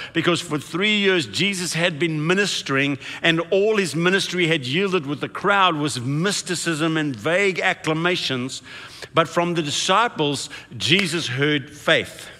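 A man preaching a sermon, telling the story with shifts between hushed and excited delivery. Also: on the high side, normal speed. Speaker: pastor. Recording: echoey hall reverb.

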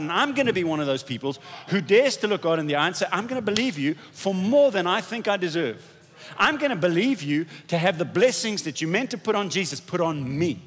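Male pastor, fairly high voice, relaxed conversational sermon, long church hall echo. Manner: conversational, self-deprecating preaching with restarts.

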